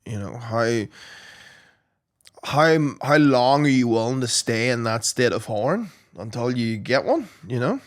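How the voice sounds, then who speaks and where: A man's voice: mid-range voice, expressive, a little slow. A man co-hosting a podcast, bantering casually and reacting with laughter. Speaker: podcast co-host. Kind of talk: casual chat.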